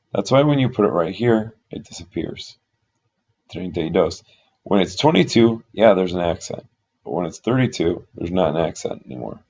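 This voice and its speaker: This man's voice sits low, a little mellow with a breathy edge, and the audio is dull. He's at a board teaching Spanish numbers, slow and methodical, patiently talking through examples one step at a time.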